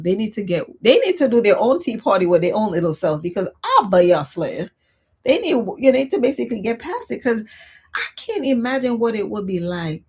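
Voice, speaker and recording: A woman hosting a livestream, telling stories in a chatty, expressive way and reading viewer comments aloud. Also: mid-range voice, husky. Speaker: livestream host. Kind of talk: casual storytelling chat.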